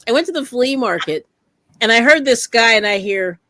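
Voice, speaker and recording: A woman hosting a casual craft chat, telling stories in a lively way, laughing often and greeting viewers. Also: a little high, normal speed, no room sound, clean studio sound. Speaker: host.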